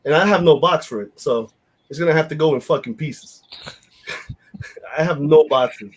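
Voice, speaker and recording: A man's voice: on the high side, moderate pace, slightly rough. A man, hosting a casual podcast chat in a blunt, rambling, profane way with lots of fillers. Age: 50s. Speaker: podcast host.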